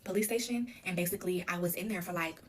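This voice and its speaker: A woman tells her own story in a rushed, emotional storytime confession, her voice sitting slightly low. She keeps the words tumbling out, leaning on "like" again and again. A faint hiss sits under her voice. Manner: rapid, emotional retelling full of "like".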